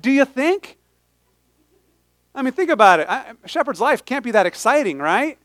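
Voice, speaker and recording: A man preaching a sermon in an animated, humorous way, often stopping and restarting his sentences. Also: very high-pitched, moderate pace, long pauses, no room sound. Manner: animated, humorous, self-interrupting. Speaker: pastor.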